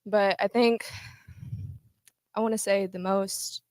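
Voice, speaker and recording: A woman's voice: mid-range voice, fairly even intonation, slow, darkish tone, dry recording. A woman speaking at a memorial, tender and holding back tears. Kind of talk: memorial speech.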